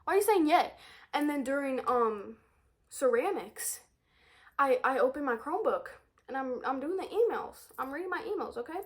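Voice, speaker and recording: A high school girl in her teens rants to her camera in a storytime vlog, her high voice moving at a moderate pace. Exasperated and animated, she swears often and repeats lines as the complaints pile up.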